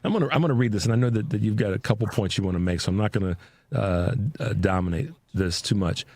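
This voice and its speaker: A man's voice: lowish voice, fast, no room sound. A man hosting a radio talk show, speaking emphatically in casual chat with frequent restarts. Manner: animated, emphatic, with repeated restarts.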